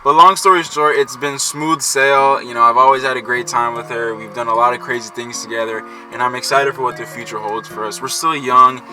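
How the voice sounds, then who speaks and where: A twenty-one-year-old man jokes his way through a couple's Q&A in a mid-pitched, easygoing voice. He drops "bro" and "you know" often. Music runs clearly under his talk. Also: steady tone, fairly quick, few pauses, pushed and bright, low-quality recording. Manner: joking, laid-back, says "bro" and "you know". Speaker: co-host of couple's channel. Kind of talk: casual Q&A chat.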